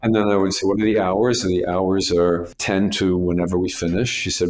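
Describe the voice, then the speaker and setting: An older man tells stories in a very low, deep voice. He is a retired casting director who acts out other people's lines as he goes. The tone is that of a relaxed interview. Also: a little fast. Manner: anecdotal, acts out quoted voices. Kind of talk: storytelling interview.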